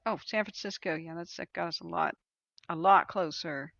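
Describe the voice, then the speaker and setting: A woman's voice: lowish voice, normal speed, gravelly, a bit bright, no room sound. A woman on a casual live stream, thinking aloud and hesitant, with many ums and restarts. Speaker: wildfire tracking livestreamer. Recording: dull lo-fi stream audio.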